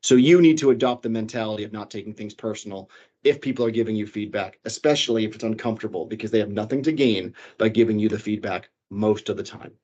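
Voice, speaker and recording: A man leading a workplace training session, talking casually and animatedly, shifting his pitch and volume for emphasis. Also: fast talker, warm tone, dull audio. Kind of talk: corporate training talk. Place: office.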